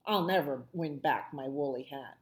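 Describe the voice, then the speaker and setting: A woman voicing a gentle, earnest young male bear in a picture book read aloud, pleading politely. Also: low voice, normal speed, lightly acted. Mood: grumbling.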